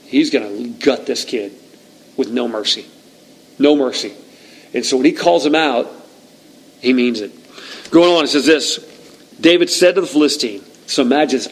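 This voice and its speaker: A man preaching a sermon, retelling a scripture story in an animated, conversational way with frequent restarts. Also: medium pitch, rough recording.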